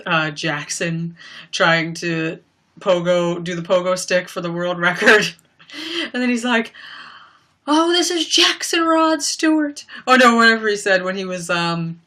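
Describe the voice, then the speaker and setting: A young woman talks casually into her computer mic during a livestream at home. Her voice sits low for a woman, with a bright, forceful edge, and she rambles with plenty of "like" and "you know.". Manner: chatty and rambling, many fillers and frequent laughs.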